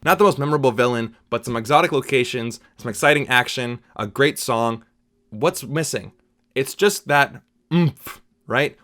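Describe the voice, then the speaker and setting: A man talks through a film review in a relaxed, conversational manner, his voice at an ordinary middle pitch. He comes across as chatty and opinionated, frequently breaking off to address the viewer directly.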